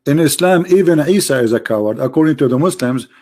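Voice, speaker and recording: A man's voice: fairly high pitch, lively intonation, quick pace, mellow. A man from the Arab world with an Arabic accent, hosting a live debate stream in casual talk. He mocks and fires off rhetorical questions in loose, broken English full of "like" and "brother".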